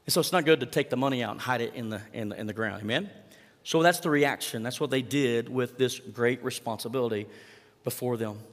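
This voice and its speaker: Male pastor, mid-pitched voice, casual sermon delivery, recorded in a reverberant sanctuary. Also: fairly quick. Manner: conversational preaching, acts out lines from the text. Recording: long hall reverb.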